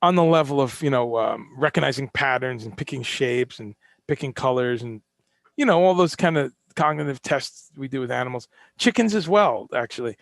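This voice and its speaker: Impassioned man with a gravelly voice. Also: medium pitch, expressive, moderate pace, no echo, studio quality. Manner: impassioned, ranting, swears, rhetorical questions. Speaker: host. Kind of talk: live-streamed solo talk.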